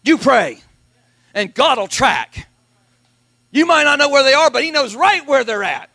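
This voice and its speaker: A male pastor preaching a sermon in a folksy, emphatic way, shouting at the peaks and dropping quiet elsewhere. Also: extremely high pitch, sing-song, measured pace.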